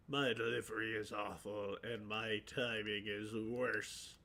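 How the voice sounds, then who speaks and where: A man's voice: on the low side, steady tone, slow pace, pushed and bright. A man streaming solo, chatting playfully and mocking himself, slipping into mock-announcer asides, with a mixed accent that is hard to place.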